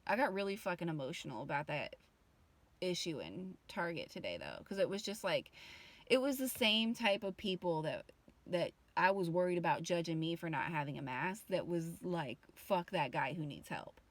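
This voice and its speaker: A woman's voice: fairly low pitch, lively intonation, moderate pace, dry recording. A woman in her thirties ranting casually to her viewers, rambling and emotional, with frequent swearing. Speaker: vlogger. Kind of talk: casual rant to camera.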